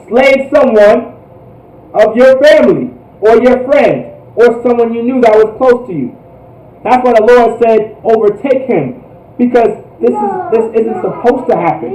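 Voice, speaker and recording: A high-pitched man with a mellow, dark tone leads a scripture class, pressing each point again and again and asking if everyone follows. He sounds set back from the mic in an echoey room, with faint ambient noise underneath. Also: far from the mic. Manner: emphatic, repetitive, keeps asking if listeners understand. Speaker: religious class teacher. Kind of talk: street-style scripture teaching. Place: indoor room, livestreamed class.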